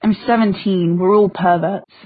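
A woman's voice: mid-range voice, fairly even intonation, normal speed, dry recording, lightly acted. A woman voicing a teasing, confident seventeen-year-old boy with playful banter, on a tinny recording. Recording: tinny phone-like audio.

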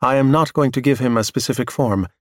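A man voicing a calm, precise android scientist who speaks matter-of-factly. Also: mid-range voice, a little fast, no room sound, studio quality, close to an everyday voice. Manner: completely calm, matter-of-fact.

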